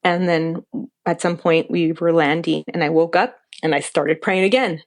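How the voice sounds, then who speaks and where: A young adult woman telling a personal story as a podcast guest, animated and acting out quoted dialogue. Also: fairly low pitch, moderate pace.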